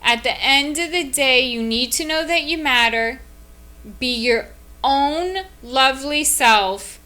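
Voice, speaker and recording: High, bright-voiced female podcast co-host. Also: slow pace. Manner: earnest, giving advice to listeners. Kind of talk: casual chat.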